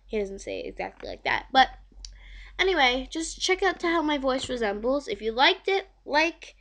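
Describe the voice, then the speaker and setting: A woman's voice: high voice, lively intonation, moderate pace, fairly bright tone. A woman chatting casually to camera, rambling with many fillers and repeated words. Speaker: vlogger. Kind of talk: casual home video chat.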